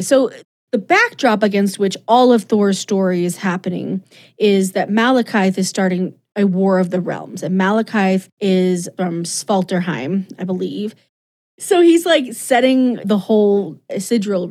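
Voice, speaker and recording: Woman, podcast co-host, casual rambling chat, animated asides, mid-pitched. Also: moderate pace. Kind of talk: casual chat recapping comics.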